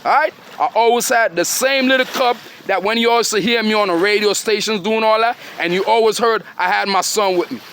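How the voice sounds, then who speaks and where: A man's voice: sits high, brisk, hardly any pauses, a bit bright, slight background noise. A middle-aged man giving a rambling, preachy monologue to his children and followers. He talks in street slang and keeps throwing questions at his listeners.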